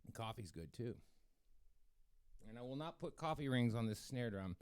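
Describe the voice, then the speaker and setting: A man's voice: mid-range voice, lively intonation, normal speed, a little mellow, smooth, no echo, clean studio sound. A man casually rambling to viewers as he hosts his own drum practice stream, with many fillers and restarts. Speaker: drummer hosting a practice stream.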